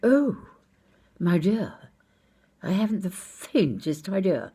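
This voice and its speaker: A woman's voice: deep voice, very animated, a little slow, creaky, darkish tone, breathy edge, full character voice. A woman voicing a tall, posh male royal security officer who speaks genteelly and calls people "my dear". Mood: crestfallen. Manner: genteel, courteous, fond of "my dear".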